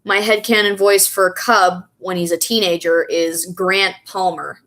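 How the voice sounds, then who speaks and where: A woman's voice: on the low side, steady tone, measured pace, a bit bright. A young woman vlogging in a casual, rambling way, stopping now and then to recall names. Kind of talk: casual chat reading and answering comments.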